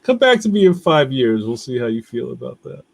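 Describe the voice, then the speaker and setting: A young man with a Philadelphia accent chats casually as a livestream host, rambling and breaking into easy laughs. His voice sits at a middling pitch. The sound is dry and close, with no room around it. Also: big pitch swings, brisk, gravelly, no echo. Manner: rambling, loose, laughs often. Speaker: livestream host reading viewer comments. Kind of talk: casual chat.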